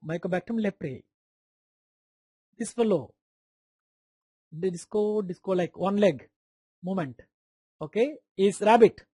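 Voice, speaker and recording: A man's voice: high-pitched, darkish tone, slightly rough, no echo. A man with an Indian English accent giving an online medical lecture, quizzing students by name and repeating key terms.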